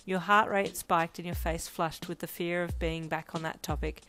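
A woman narrating a fanfiction audio story in a soft, expressive way. Her voice sits on the lower side, with faint music underneath. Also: normal speed. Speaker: fanfiction reader.

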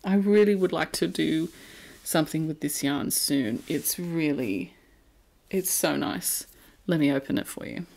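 This knitting vlogger, a woman with an Australian accent, talks about yarn in a chatty, playful way full of silly asides. Her deep voice is gravelly and darkish, with a slightly slow delivery.

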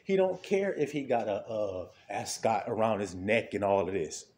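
A man preaching an informal sermon in a conversational way, asking rhetorical questions and often laughing, swinging between low murmurs and high exclamations. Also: expressive, moderate pace, a little mellow, slight background noise.

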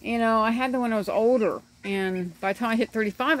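A middle-aged woman with a voice on the high side talks fast while filming her ducklings on a handheld phone. She's a homesteader vlogger, rambling casually and laughing a lot, outdoors in a yard beside animal pens. Ducklings chirp against a faint backdrop of birds and outdoor ambience.

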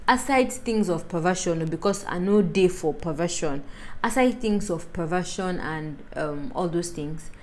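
Lively Northern Nigerian woman, low voice. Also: unhurried, a little hiss or hum, rough recording. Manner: animated, preachy, rhetorical questions. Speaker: lifestyle vlogger. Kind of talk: opinionated vlog monologue.

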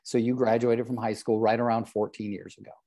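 Mellow-voiced older man coaching with jokes. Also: medium pitch, level tone, a little fast. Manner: joking, self-deprecating, calls on trainees by name. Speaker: real estate coach. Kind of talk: live group coaching session.

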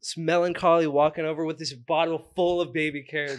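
A young man co-hosting a podcast, animated and swearing heavily as he tells a school story. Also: a little high, fast talker. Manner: animated, heavy swearing, bursts of laughter. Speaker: podcast co-host. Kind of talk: casual chat.

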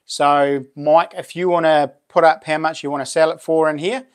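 Kiwi guy rambling on a live stream, a bit higher voice, thanking everyone as he goes. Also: fairly even intonation, moderate pace. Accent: New Zealand. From New Zealand. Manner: chatty, thanks viewers warmly, lots of fillers and laughs. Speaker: livestream host and knifemaker. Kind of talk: casual live-stream chat.

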